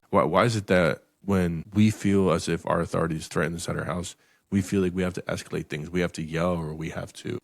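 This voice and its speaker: Low-voiced guy on a podcast, swears a lot, keeps restarting his words, dry room. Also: creaky, no echo. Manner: profane, emphatic, repeats words when restarting. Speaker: podcast host. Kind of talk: blunt motivational podcast talk.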